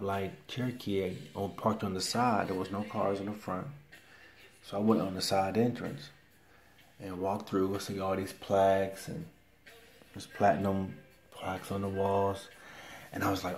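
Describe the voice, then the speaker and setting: Deep gravelly man telling a story. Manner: animated, excitable retelling with repeated exclamations. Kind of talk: casual storytelling monologue.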